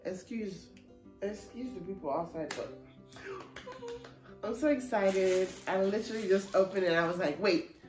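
A woman chatting excitedly in a casual vlog at home, gushing over an unboxing, a little stuffy from a cold; English is not her first language. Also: mid-range voice, moderate pace, long pauses, over music. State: slightly congested from a cold. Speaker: vlogger.

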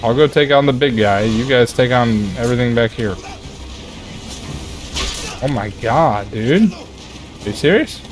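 Exasperated male gamer yelling at the game. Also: medium pitch, lively intonation, measured pace, long pauses. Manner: reactive, easily frustrated, swears and yells at the game. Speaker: gaming streamer. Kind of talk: live gameplay commentary reading chat.

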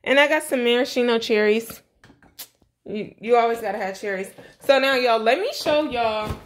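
A woman's voice: fairly high pitch, moderate pace, a little hiss or hum. A young woman talking casually to her viewers from her home kitchen, chatty and blunt, calling them y'all. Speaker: vlogger. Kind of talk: casual grocery haul vlog. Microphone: camera mic.

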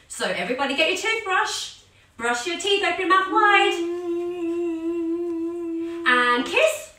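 Lively high-voiced woman leading kids yoga. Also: unhurried, long pauses, distant mic. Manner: playful, sing-song, acts out the story with animal sounds. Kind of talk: storytelling yoga class for children. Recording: echoey room, voice a little off-mic.

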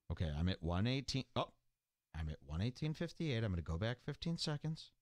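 A man's voice: fairly low pitch, sing-song, moderate pace, no room sound, studio quality. A man hosting a comedy show, sarcastically mocking a clip he plays. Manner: sarcastic, with jokey exaggeration. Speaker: host. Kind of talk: mocking commentary over a clip.

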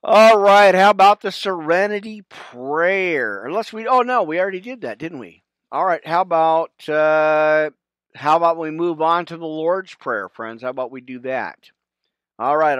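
Male podcast preacher, slightly high voice, heartfelt prayer and scripture reading, dry close mic. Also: measured pace, no echo. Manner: emotional, animated, addresses listeners as friends. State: choked up. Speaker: podcast Bible study host. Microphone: wired mic with cable under shirt.

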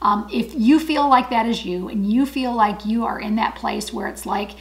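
A woman's voice: fairly high pitch, moderate pace, hardly any pauses, poor audio. A woman giving an encouraging Bible study talk, earnest and emphatic, repeating her key phrases.

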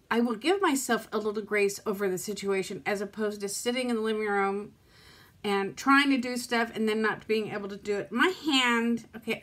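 A woman's voice: fairly high pitch, fairly bright tone. A woman vlogging from her home in rambling casual chat to camera, frustrated and close to tears. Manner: frustrated, rambling, self-talk.

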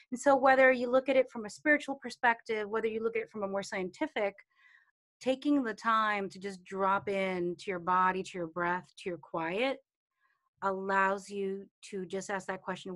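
High-voiced woman leading a calm group call. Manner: chatty, with many fillers and acted-out quotes. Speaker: meditation and intuition teacher. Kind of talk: casual talk in a live online session.

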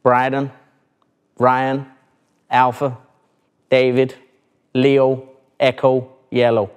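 A man posing as an undercover officer in a prank, talking in a slow, deadpan way with long pauses. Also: medium pitch, smooth.

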